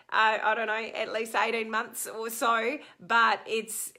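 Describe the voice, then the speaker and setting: Chatty middle-aged Australian woman, bright tone, live-stream coach answering viewers. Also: medium pitch. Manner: chatty, answers viewer comments, frequent ums. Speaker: social media coach.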